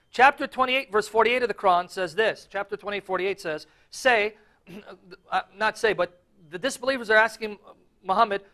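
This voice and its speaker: A man giving earnest, emphatic religious debate commentary, often clearing his throat. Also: high voice, pushed and bright.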